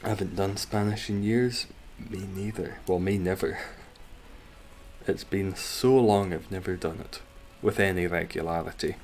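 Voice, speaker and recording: A man's voice: low-pitched, steady tone, normal speed, a little mellow, slight background noise. A Scottish man chatting casually while streaming a game, rambling, joking and swearing as he reads out viewers' comments. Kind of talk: casual gaming stream chat.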